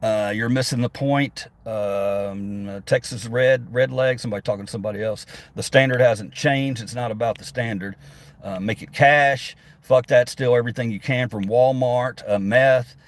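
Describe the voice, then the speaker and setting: Driving while he livestreams from his phone, a middle-aged man reads chat comments and fires back in a combative, sarcastic, profane rant, swearing often. His voice is medium-pitched with fairly even intonation at a normal speed.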